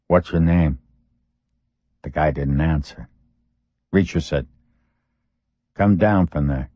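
A man reading a thriller audiobook in a steady, measured storytelling voice. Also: extremely low pitch, dry recording. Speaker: audiobook narrator. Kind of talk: scripted thriller narration. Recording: dull lo-fi dry recording.

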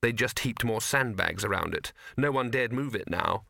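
A man narrates a story in a wry, measured way, his tone bright and crisp. His pitch sits in the middle range. The recording is dry and close, with no room sound. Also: lively intonation, no room sound. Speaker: audiobook narrator. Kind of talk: scripted narration.

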